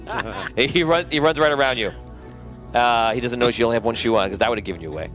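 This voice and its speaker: A man's voice: medium pitch, fast, a bit bright, faint music behind. A man acting as game master, narrating a tabletop game in a loose, amused way and laughing often.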